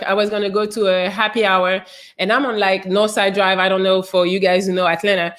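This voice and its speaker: A woman host casually telling a personal story, candid, swearing freely and using lots of fillers. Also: medium pitch.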